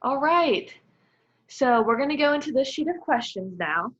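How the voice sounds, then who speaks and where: A woman's voice: high voice, animated, moderate pace, lo-fi sound. Encouraging woman voice clinician. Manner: patient, encouraging, instructive. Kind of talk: clinical voice therapy session.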